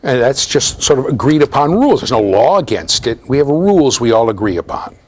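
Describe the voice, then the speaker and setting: A man's voice: medium pitch, very animated, brisk, a little mellow. A middle-aged American man giving a university lecture, telling stories with asides to his students. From United States. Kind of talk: storytelling classroom lecture.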